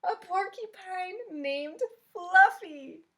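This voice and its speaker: A woman voicing a jolly, silly male rhinoceros in a picture book read-aloud, loud and breathless with laughter. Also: on the high side, steady tone, drawn-out words. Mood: hooting.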